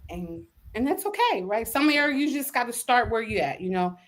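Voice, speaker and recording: A woman hosting a faith podcast, telling stories in an animated, slangy way and acting out quotes, with a constant "you know what I'm saying?". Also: a little high, a little fast, slight background noise. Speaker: podcast host. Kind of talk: casual faith talk.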